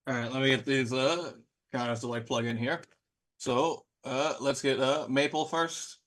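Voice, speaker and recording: A man runs a tabletop game in a loose, chatty voice of ordinary pitch. He rambles through descriptions with plenty of fillers and bursts into playful cheers. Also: steady tone, moderate pace, a bit bright. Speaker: game master.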